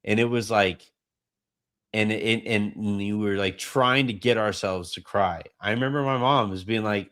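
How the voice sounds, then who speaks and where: A man's voice: lowish voice, unhurried, fairly bright tone. Emphatic man ranting about referees. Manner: emphatic, rambling storyteller. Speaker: podcast co-host. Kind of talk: casual sports recap chat.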